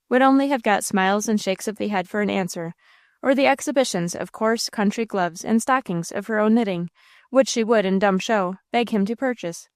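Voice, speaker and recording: A woman reading a classic novel aloud as an audiobook narrator, in a steady, expressive storytelling manner. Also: mid-range voice, clean tone, no room sound, studio quality.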